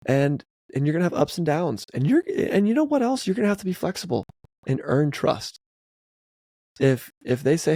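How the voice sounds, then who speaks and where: A man co-hosting a casual family podcast, talking animatedly and jumping up in pitch when he acts out other people's lines. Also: fairly quick, dry recording, clean studio sound. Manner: animated, acts out quotes with big pitch jumps. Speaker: podcast co-host.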